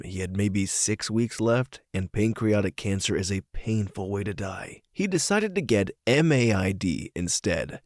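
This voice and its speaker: A man reading online stories aloud in a measured, somber scripted narration. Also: lowish voice, darkish tone, dry recording, clean studio sound. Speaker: story reader.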